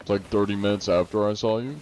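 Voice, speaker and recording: Laid-back low-voiced male streamer. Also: steady tone, quick pace, darkish tone, slight background noise, rough recording. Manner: laid-back, rambling with fillers. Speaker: game streamer. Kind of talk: casual live-stream chat, reading chat questions.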